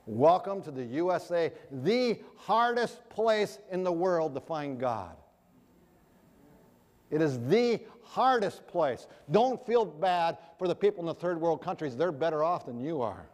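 A middle-aged man preaching a storytelling sermon to an audience, animated and acting out the people in his story. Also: fairly high pitch, measured pace. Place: large hall with an audience. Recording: long hall reverb.

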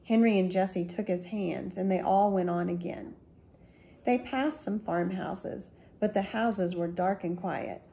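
Gentle, mellow woman reading a storybook. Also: mid-range voice, unhurried, creaky. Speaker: school librarian. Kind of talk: reading a children's book aloud.

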